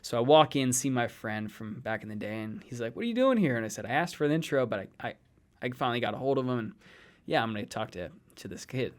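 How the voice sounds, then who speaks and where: A man's voice: mid-range voice, fast talker. A young man from California, a real estate advisor, telling a story animatedly in a casual interview and acting out the quoted lines.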